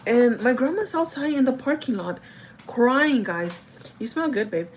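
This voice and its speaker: A woman's voice: a little high, lively intonation, a little slow, a little hiss or hum, low-quality recording. A young woman vlogger telling a family story in casual chat, rambling with many fillers and often calling her viewers "guys".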